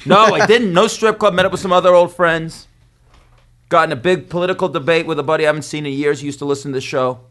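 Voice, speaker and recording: A man telling a rowdy story in a casual podcast chat, animated and swaggering, acting out the people he describes. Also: a little high, fast. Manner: animated, swaggering storyteller who acts out the people in his stories. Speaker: podcast co-host.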